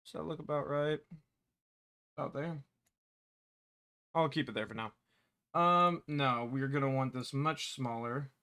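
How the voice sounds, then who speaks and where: A man developing a game, thinking aloud in a halting way, correcting himself as he works and muttering to himself. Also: medium pitch, bright, forceful tone, clear, resonant tone. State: hiccuping. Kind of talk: thinking aloud while working.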